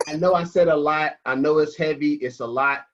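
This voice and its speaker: A man talking about money on a video call, emphatic, slangy and energetic. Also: on the high side. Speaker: financial coach guest. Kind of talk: animated motivational talk on a video call. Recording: dull lo-fi call audio.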